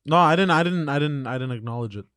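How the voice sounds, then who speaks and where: A man's voice: fairly high pitch, fast, a bit bright, smooth, no echo, studio quality. A man on a comedy podcast defending himself with short, repeated answers. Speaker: podcast co-host. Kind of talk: casual comedy podcast banter.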